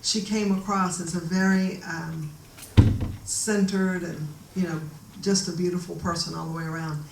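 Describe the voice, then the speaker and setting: A woman giving a reflective talk about her own experiences to a gathered audience, pausing and restarting as she goes. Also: on the low side, steady tone, vocal fry, background noise. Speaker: guest speaker. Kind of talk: personal storytelling talk. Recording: echoey room from far off.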